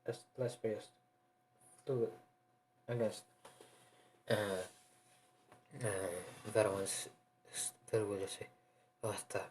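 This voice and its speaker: Low-voiced guy rambling thru a fan story he's making up, lots of restarts. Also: slight background noise, low-quality recording. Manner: rambling, halting, with many restarts. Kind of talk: improvised fan-fiction narration.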